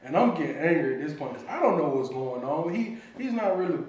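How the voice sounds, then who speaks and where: A man in a relaxed, chatty mood tells a family story, breaking into laughter often. His voice sits a little high. He's picked up from across a very echoey room. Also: a little fast, far from the mic. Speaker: family vlogger. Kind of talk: casual storytelling.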